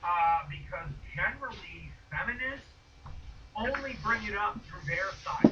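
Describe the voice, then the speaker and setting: Man, very high voice, profane mocking rant, dull distant playback. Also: lively intonation, a little slow, a little hiss or hum. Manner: loud, profane, mocking rants. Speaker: video creator being rebutted. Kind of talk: ranting commentary.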